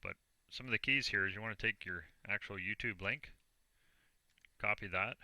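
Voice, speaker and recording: A low-voiced Canadian man narrates a screen-recorded tutorial step by step, plainly and with a self-deprecating streak. His tone is bright and forceful, and the recording is dry and close with no room sound. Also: moderate pace, dry recording. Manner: plain, self-deprecating, talks through each click. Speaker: online business vlogger.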